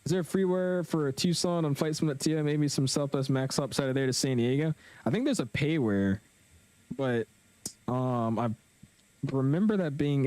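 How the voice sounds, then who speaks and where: A young man casually commentating his flight simulator live stream, chatting with viewers in a relaxed, slangy way. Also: mid-range voice, clean tone, no echo. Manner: laid-back, chatty, slangy, reads chat aloud.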